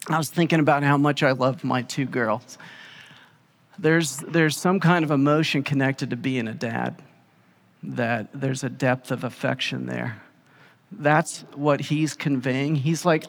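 A man preaching in a relaxed, conversational way, telling stories and acting out quotes. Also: fairly high pitch, long reverb tail. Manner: casual and animated, acting out quotes in plain speech. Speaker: pastor. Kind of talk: conversational sermon with storytelling.

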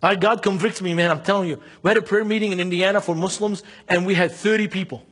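Husky high-voiced man preaching. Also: steady tone, quick pace, fairly bright tone. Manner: impassioned, fires rhetorical questions at the audience. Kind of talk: sermon.

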